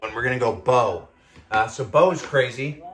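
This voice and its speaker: A man's voice: mid-range voice, moderate pace, fairly bright tone, reverberant, soft background music. Groaning, whiny Australian man stretching. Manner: whiny, self-mocking, groaning through stretches. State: strained, out of breath. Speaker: fitness vlogger. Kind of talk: casual workout vlog.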